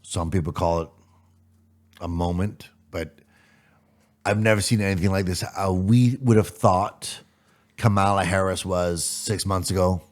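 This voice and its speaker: A man with a fairly low voice in casual podcast chat. He gives short, blunt opinions in an offhand way, then talks on at more length when telling a story. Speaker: podcast co-host.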